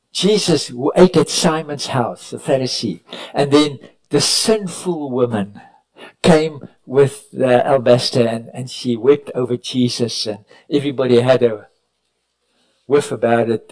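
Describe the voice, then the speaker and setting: At a retreat, a pastor preaches a sermon in a meeting room, swinging from loud cries down to near whispers. He tells stories and sometimes corrects himself mid-sentence. His voice sits in the mid-range, and the audio quality is poor.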